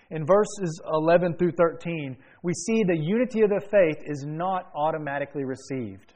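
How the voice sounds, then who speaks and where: Earnest male preacher, slightly high voice. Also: darkish tone. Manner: earnest storytelling, repeats lines for emphasis. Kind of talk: sermon.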